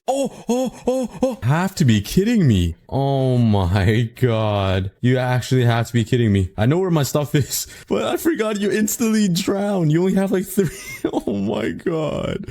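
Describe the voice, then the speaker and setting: A man giving casual, excitable gameplay commentary, joking at his own expense and talking straight to his viewers. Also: deep voice. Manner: excitable, self-mocking, talks to viewers. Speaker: gaming channel host.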